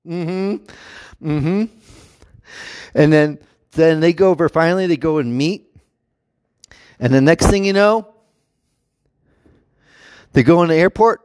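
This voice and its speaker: A man talks straight to the camera in a loose, rambling monologue. He keeps restarting sentences and slips into little acted quotes. His voice sits a bit high, and the sound is dry. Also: expressive, normal speed, darkish tone, no echo. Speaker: vlogger.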